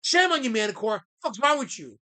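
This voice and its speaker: A man hosting a livestream, ranting at his chat in a theatrical, mock-indignant way and swinging between loud outbursts and low mutters. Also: very animated, fairly quick. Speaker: livestream host.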